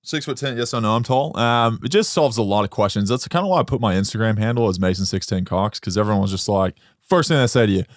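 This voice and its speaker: A young man hosting a podcast in casual chat, with an American accent tinged with Australian, upbeat and quick to laugh. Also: fairly low pitch, no room sound, studio quality. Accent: American with some Australian. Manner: upbeat, chatty, laughs often. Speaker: podcast host.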